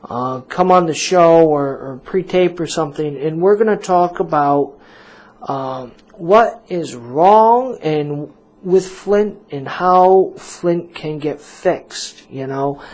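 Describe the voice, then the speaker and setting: A male radio talk host who drawls along at an unhurried pace, circling his point with fillers and self-mocking asides. He sounds relaxed and chatty, as if in a small radio studio. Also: on the high side.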